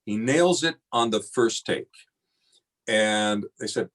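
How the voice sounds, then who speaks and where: An older man, a singer, telling stories in a relaxed interview, with frequent fillers and easy laughter. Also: lowish voice, takes it slowly. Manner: chatty storyteller, many fillers, laughs easily. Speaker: guest singer and voiceover artist. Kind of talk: casual interview chat.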